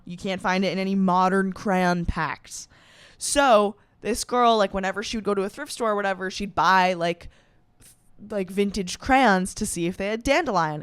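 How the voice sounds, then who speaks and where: A young woman with a Western New York accent, a comedian hosting a podcast, talks in a casual, animated monologue, gushing and swearing and saying "like" a lot. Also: mid-range voice, smooth, no room sound. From Rochester, New York. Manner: animated, profane, gushing, heavy use of "like".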